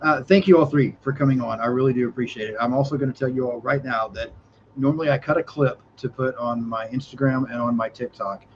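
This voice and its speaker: A man's voice: medium pitch, fairly even intonation, fast talker, dull audio, a little hiss or hum. A man hosting a podcast, speaking casually and thanking his guests. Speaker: podcast host. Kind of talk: casual chat.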